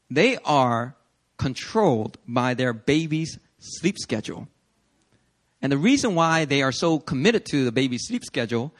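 A young man preaching a sermon in a casual, animated, conversational way, acting out little quoted scenes. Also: mid-range voice. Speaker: pastor. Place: church service.

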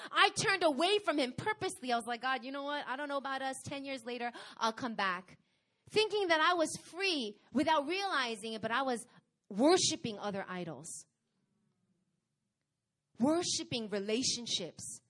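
A woman delivers a sermon in a somewhat high voice, moving between scripture reading and personal testimony. She preaches emphatically, climbing into loud bursts and then dropping into quiet, casual asides full of everyday fillers. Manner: casual, conversational retelling with fillers.

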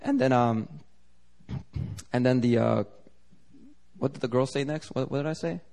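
A man's voice: mid-range voice, moderate pace, creaky. A male pastor preaching a sermon, telling stories animatedly and acting out the voices of the people in them. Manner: animated storytelling, acts out voices.

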